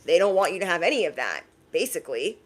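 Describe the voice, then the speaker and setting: Brief: young adult woman reader, sassy and emphatic, slightly low pitch. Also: very animated, fast talker. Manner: sassy, emphatic, repeats lines for effect. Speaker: intuitive reader, channeled messages. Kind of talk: casual direct-to-camera messages.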